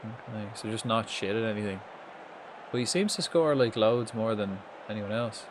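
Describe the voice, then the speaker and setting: A man's voice: fairly low pitch, normal speed, slight background noise. An Irish man commentating live on a football management game, swearing freely and chatting with viewers. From Ireland. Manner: swearing, excitable, chatting with chat. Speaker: streamer.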